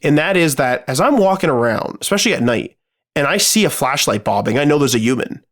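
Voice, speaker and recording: A man's voice: on the high side, big pitch swings, quick pace, fairly bright tone. A man co-hosting a podcast, telling a gaming story in casual chat, swearing freely and rambling with lots of fillers. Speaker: podcast co-host.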